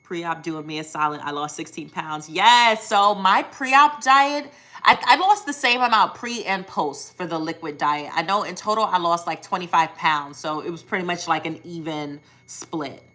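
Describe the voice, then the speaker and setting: Bright-voiced chatty woman on a live stream. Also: fairly low pitch, normal speed. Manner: chatty, upbeat, frequent ums and self-corrections. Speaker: weight loss surgery vlogger hosting a live stream. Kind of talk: casual live-stream chat answering viewers.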